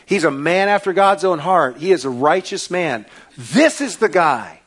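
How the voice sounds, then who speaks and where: Male preacher with a slightly high voice, storytelling sermon, dramatic swings from hush to loud. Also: very animated, a little slow. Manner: casual modern phrasing.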